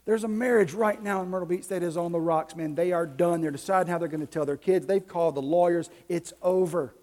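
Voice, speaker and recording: A high-pitched man preaches a sermon, moving from easy storytelling to fervent, rising appeals. His voice rings with the long reverb of a church hall. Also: fairly quick, a little mellow. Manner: storytelling, building to impassioned preaching. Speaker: pastor.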